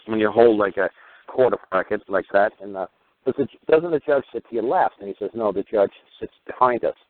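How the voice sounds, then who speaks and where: Over tinny phone-line audio with no room sound, a fairly low-voiced man hosts a call-in radio show. He tells long, rambling stories in an animated way, acting out what other people said.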